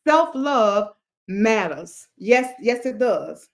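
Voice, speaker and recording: A woman's voice: fairly high pitch, sing-song, drawn-out words. A woman hosting a motivational livestream, talking to her chat in an emphatic, repetitive cadence like a preacher. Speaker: livestream host.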